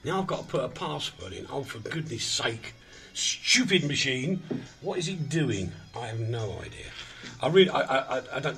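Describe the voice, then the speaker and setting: A man hosting an online radio show in casual, self-mocking chat, flustered while he fights with his equipment. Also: medium pitch.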